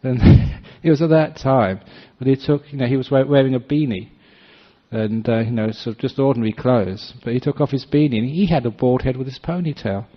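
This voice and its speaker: A man's voice: medium pitch, brisk. A man speaking as a Buddhist monk in a dharma talk, telling anecdotes and often laughing. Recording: dull lo-fi recording.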